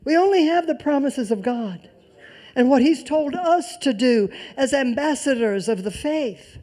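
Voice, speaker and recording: A preacher delivering a sermon in a warm, mellow voice, leaning on repetition to drive each point home. The delivery swings from loud emphasis down to hushed, near-whispered lines. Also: high-pitched, lively intonation, measured pace. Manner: emphatic repetition of key phrases.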